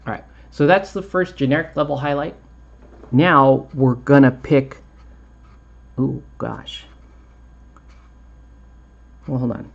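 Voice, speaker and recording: Man, casual painting-tutorial host, rambling and chatty, mid-pitched voice, muffled lo-fi audio. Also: steady tone, slow, creaky, pauses often. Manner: rambling, chatty, laughs often.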